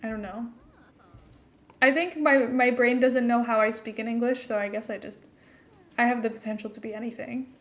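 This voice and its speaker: A young woman with a fairly high voice and an international-school American accent, chatting as she streams a game. She is chatty and giggly and answers her viewers between building tasks. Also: steady tone, normal speed, long pauses. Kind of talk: casual chat while playing a game live.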